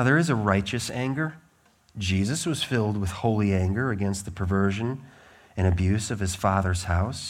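A middle-aged man preaching a sermon as pastor, swinging from loud emphatic declarations to quiet conversational asides. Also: mid-range voice.

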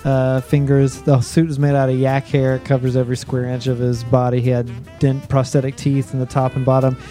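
A man's voice: medium pitch, monotone, brisk, mellow, faint music behind. A man co-hosting a casual podcast chat, telling stories and laughing often. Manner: chatty storyteller, laughs often. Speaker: podcast co-host.

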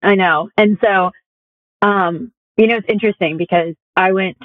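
Recorded dry, with a tinny phone-like quality, a young woman speaks at a moderate pace in a medium-pitched voice. As a casual conversation guest, she tells chatty personal stories loaded with filler words.

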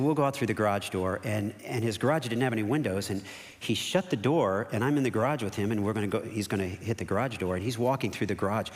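A male pastor preaching a sermon, animated, acting out quoted voices and dropping to hushed asides. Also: fairly low pitch. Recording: long reverb of a church hall.

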